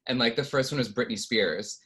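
An American man who does impressions, chatting in a casual interview, animated and laughing often. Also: medium pitch, a little fast. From United States. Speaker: guest impressionist.

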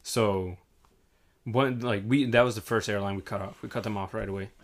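A young man telling a lively story in casual chat, acting out the people in it and swearing freely. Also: fairly low pitch, normal speed. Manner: animated, acts out quoted voices, swears freely. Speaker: hotel front desk worker.

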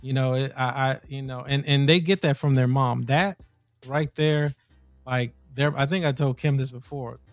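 A male podcast host tells a long personal story in a rambling, casual way. He gets animated when indignant, with a mid-range pitch. The sound is dry and close, and faint music runs behind him. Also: moderate pace, no room sound. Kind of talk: casual conversation.

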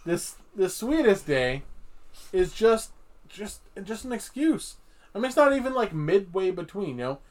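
A man's voice: high voice, big pitch swings, measured pace. A man co-hosting a podcast, trading jokes and swearing freely in casual banter. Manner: joking, profane banter. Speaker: podcast co-host. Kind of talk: casual chat.

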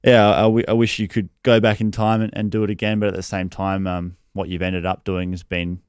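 A deep-voiced man hosts an interview with a measured, affirming manner. His tone is smooth and resonant, with very little rise and fall. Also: level tone, dry recording, clean studio sound. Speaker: interview host. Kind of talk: conversational interview.

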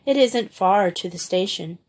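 A woman reading aloud voices an eager, lively young English schoolgirl who speaks in a breezy, enthusiastic way. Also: mid-range voice, measured pace.

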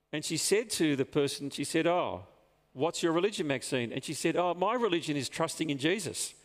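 Gravelly-voiced pastor preaching in a reverberant church. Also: male voice, mid-range voice. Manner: earnest, slows down for emphasis. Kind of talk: sermon. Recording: long reverb of a church hall.

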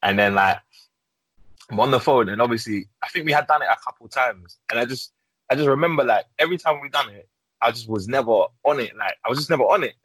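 A man's voice: medium pitch, fast, fairly bright tone, breathy edge, no room sound, low-quality recording. A young man, telling stories in slang in a casual podcast chat. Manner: slangy, storytelling. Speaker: podcast co-host.

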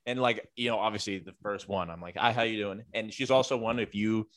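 A man with a lower-pitched voice tells a rambling teacher's story in a casual chat, piling on fillers and swearing freely. The recording is dry and close, with no room sound behind it. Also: a little fast, no room sound. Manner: rambling, filler-heavy, profane.

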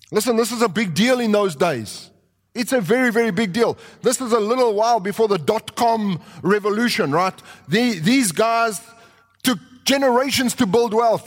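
A man preaching a sermon with animated delivery, acting out quotes and rising to shouts. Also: high-pitched. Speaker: pastor. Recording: long reverb of a large hall.

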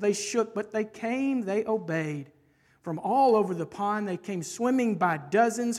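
A woman preacher reading a rhyming children's story aloud with expressive rhythm, then turning to a sermon point. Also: a little high.

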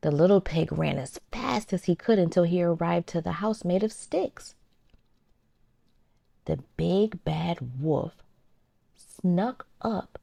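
A woman hosting a children's circle time, gently and expressively reading a storybook aloud to toddlers. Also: fairly low pitch, lively intonation, slow, creaky, pauses often, no echo.

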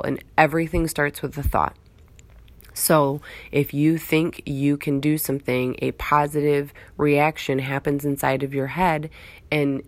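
A woman with a low voice and a gravelly edge, talking straight to her listeners in an earnest, rambling motivational monologue. She circles back on her phrases and repeats them for emphasis. The sound is dry and close, with no room around it. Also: dry recording. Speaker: motivational speaker.

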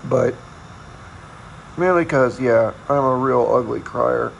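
A man hosting a casual solo podcast, talking in a candid, self-deprecating, halting way. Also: medium pitch, vocal fry, lo-fi sound, a little hiss or hum. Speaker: podcast host.

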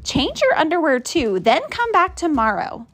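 A woman's voice: high-pitched, wildly swooping pitch, moderate pace, voice pushed up. A woman reading a picture book aloud, voicing a prim, bold woman librarian who speaks in a firm, proper way.

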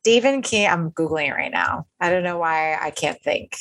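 A woman's voice: on the low side, normal speed, fairly bright tone. A young woman chatting casually on a podcast, laughing often and trailing off mid-sentence. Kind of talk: casual chat.

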